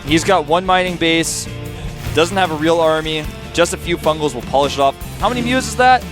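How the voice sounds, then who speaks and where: Relaxed young male color commentator on a headset, joking with his partner; slightly high voice, game music under him. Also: brisk. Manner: laid-back, joking, says "man" a lot. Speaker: esports co-caster.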